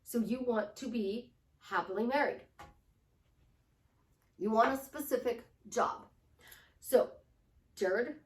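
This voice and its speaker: A middle-aged woman life coach talks her listeners through a coaching lesson, slipping into little acted-out voices to make her point. Her voice sits a bit high for a woman. It is captured from some way off the mic, in a room with a noticeable echo. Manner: animated, acts out affirmations in different tones. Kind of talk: coaching monologue. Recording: roomy sound from a distant mic.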